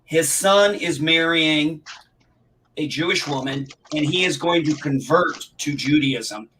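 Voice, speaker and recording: Man chatting on a live show, bright pushy tone, bit high, faint hiss behind. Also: takes it slowly, low-quality recording. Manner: chatty, emphatic. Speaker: chat show panelist. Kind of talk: casual chat about old TV shows.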